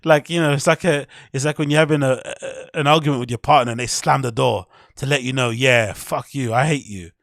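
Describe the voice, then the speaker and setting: A man's voice: medium pitch, steady tone, quick pace, vocal fry, hardly any pauses, dry recording, studio quality. A man hosting his podcast, ranting in a casual, profane, heated and rambling way. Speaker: podcast host. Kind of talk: casual commentary rant.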